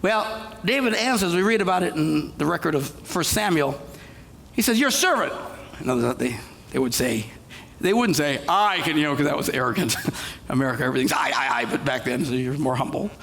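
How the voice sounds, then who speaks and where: A man preaching a comedic sermon, retelling a story with jokes and suddenly shouting the characters' lines. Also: a little high, brisk, creaky, in a large hall, a little hiss or hum. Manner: animated, jokey, acts out characters with shouted quotes. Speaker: pastor. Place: church auditorium.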